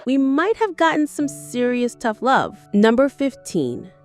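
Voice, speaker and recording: A woman's voice: high voice, sing-song, unhurried, loud music behind the voice. Chatty, hyped woman narrating a countdown. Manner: chatty and hyped, playful asides. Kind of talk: scripted narration.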